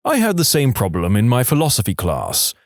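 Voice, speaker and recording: A man's voice: mid-range voice, huge pitch swings, fairly quick, no room sound. A man narrating online stories aloud with a dry, wry delivery on a close microphone. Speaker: story narrator.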